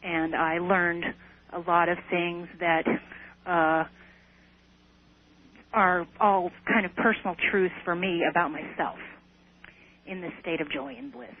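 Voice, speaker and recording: A woman's voice: fairly low pitch, fairly even intonation, takes it slowly, pauses often, a little hiss or hum. A woman guest in an interview, earnestly recounting a personal experience with some hesitant restarts. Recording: tinny phone line on radio.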